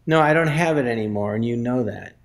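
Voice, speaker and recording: A man trades jabs as a guest in an improvised comedy interview. His voice sits in an ordinary middle range, and his talk is halting and full of restarts. Now and then it flares up into shouting. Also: medium pitch, creaky.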